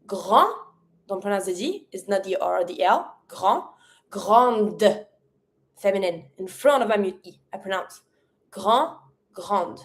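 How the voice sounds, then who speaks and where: A woman's voice: medium pitch, brisk, few pauses. A woman teaching a French lesson in English, a French speaker whose English phrasing is slightly off, drilling vocabulary word by word. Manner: clear drilled pronunciation, repeats words in pairs. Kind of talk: online language lesson.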